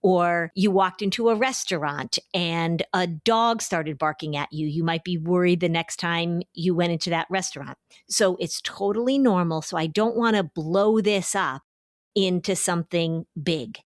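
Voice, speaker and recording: A middle-aged woman hosting a podcast, talking in an expressive, encouraging way and explaining with everyday examples. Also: lowish voice, moderate pace, no echo, clean studio sound. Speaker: podcast host and anxiety therapist. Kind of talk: casual podcast chat.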